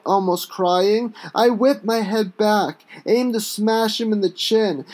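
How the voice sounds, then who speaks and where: A man reads his own gritty first-person story aloud. His delivery is intense and raw, and it breaks into sudden angry shouts. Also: sits high.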